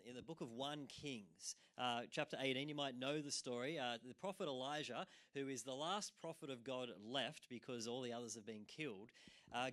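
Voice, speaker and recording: A man, one of the pastors at a church, preaching a sermon and retelling a story with quoted lines and casual "uh" fillers. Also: mid-range voice. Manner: storytelling with frequent "uh" fillers and lively quoted asides.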